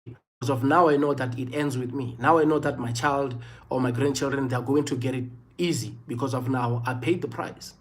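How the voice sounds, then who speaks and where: Speaking a little fast with fairly even intonation, this medium-pitched livestream host tells a personal story in earnest. He's a man in his thirties with a South African accent who keeps repeating phrases and fills gaps with plenty of "you know."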